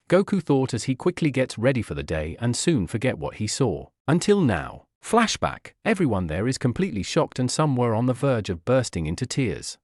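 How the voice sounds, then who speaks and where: A man reading fan fiction aloud as animated storytelling. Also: mid-range voice, moderate pace, few pauses, dry recording, studio quality.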